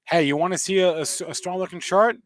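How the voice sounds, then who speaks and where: A man co-hosting a live market show, chatting casually and playfully with lots of halting restarts. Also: high voice. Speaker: co-host reading the chat.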